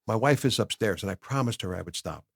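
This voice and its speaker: A man's voice: fairly low pitch, lively intonation, quick pace, creaky, breathy edge, no room sound, studio quality. A middle-aged man, a podcast guest, candidly telling his life story with lots of acted-out dialogue. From New Jersey. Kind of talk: personal storytelling in a podcast interview. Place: podcast studio.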